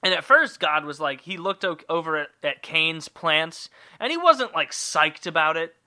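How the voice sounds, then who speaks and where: Crude, bright-voiced comic storyteller man. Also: fairly high pitch, animated, moderate pace. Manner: crude, rambling, sarcastic. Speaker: podcast host.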